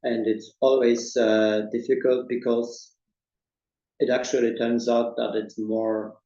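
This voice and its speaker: A man's voice: medium pitch, level tone, slow pace, vocal fry, dark tone. A man answering audience questions in a webinar, thoughtful and restarting his words, recorded in a roomy space with dull sound. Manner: thoughtful, repeats words at starts. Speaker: presentation designer.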